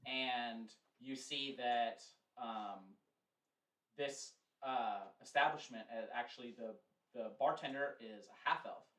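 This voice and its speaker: A man's voice: mid-range voice, slow, fairly bright tone, recorded from a distance. A man narrating as game master in a rambling way, with many fillers and restarts. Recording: roomy, off-mic.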